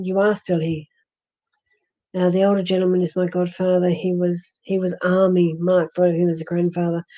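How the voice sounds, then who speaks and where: A psychic medium with an Australian accent gently consoles a viewer during a live-stream reading, restarting often. Her husky, lowish voice is hoarse and fading as she loses it, and the audio sounds dull.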